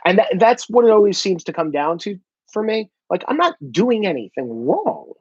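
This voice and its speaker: A man's voice: high voice, sing-song, normal speed, darkish tone, slightly rough, no echo. A man with a thick New York–New Jersey accent, talking bluntly and profanely in a casual opinion monologue. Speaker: independent journalist, vlogger. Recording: dull lo-fi dry recording.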